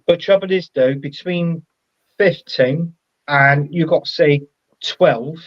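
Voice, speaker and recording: A man with a somewhat high voice chats as a guest on a casual live show, rambling and searching for words. His sound comes through dull and lo-fi, like a remote call. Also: slow pace, no echo. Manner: rambling, hesitant, many restarts and fillers. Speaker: guest co-host. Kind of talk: casual livestream chat.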